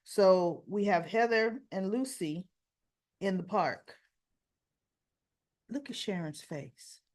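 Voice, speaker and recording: A woman hosting a casual soap opera recap, retelling scenes and acting out the characters' lines with lively emphasis. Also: mid-range voice, slow.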